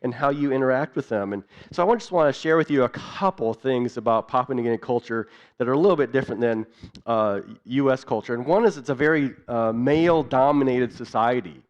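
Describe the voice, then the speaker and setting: A man's voice: medium pitch, fairly quick. A man giving a church missions talk in an earnest way, building his points through repeated lists, in a dull lo-fi recording. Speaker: missions speaker.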